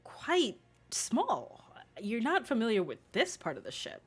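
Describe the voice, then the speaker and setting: A woman's voice: on the high side, wildly swooping pitch, a little slow, breathy edge. A woman narrating as game master, describing scenes in a hesitant way with many fillers.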